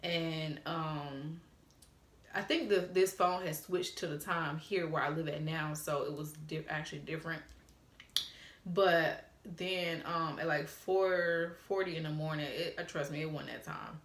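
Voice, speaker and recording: Unhurried and low-voiced, the young woman vlogger tells her story with blunt candor, swearing freely and reenacting the texts she was sent. The audio has a roomy echo.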